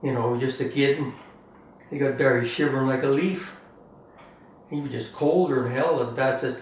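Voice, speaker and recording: Casually reminiscing, an older man who serves as the family storyteller talks in a mid-range voice at a moderate pace, with long pauses. He rambles, chuckles, and ends phrases with "eh?". A distant mic picks him up in a roomy space with faint room noise.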